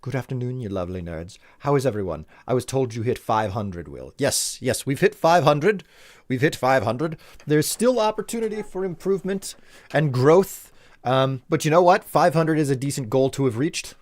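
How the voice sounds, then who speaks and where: A man's voice: mid-range voice, lively intonation, moderate pace, dry recording. A young man from the Upper Midwest chatting casually and joking while reading his live stream's chat.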